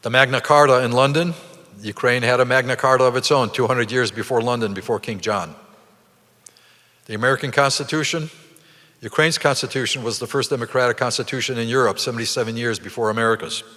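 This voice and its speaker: A man giving an emphatic, deliberate commemorative lecture to an audience, posing rhetorical questions. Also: medium pitch, bright, forceful tone. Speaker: guest speaker. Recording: long hall reverb.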